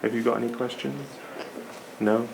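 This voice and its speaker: A man working as an anaesthetist, talking softly and reassuringly to a young patient in simple words. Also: medium pitch, fairly even intonation, moderate pace, creaky. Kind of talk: gentle talk to a child patient. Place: hospital. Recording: noisy hospital background.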